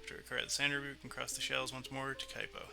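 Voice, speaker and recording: A man's voice: medium pitch, monotone, very fast, vocal fry, over music. A man voicing a timid, heartbroken young male prince and bard in a video game, speaking in a meek, hesitant way. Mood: earnest. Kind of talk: reading game dialogue aloud.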